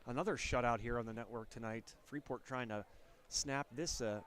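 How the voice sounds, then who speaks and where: A man with a stuffy nose and nasal voice calling high school football play-by-play, getting louder on big plays. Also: moderate pace, slight background noise. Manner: energetic play calls, rising on big plays. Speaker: play-by-play announcer.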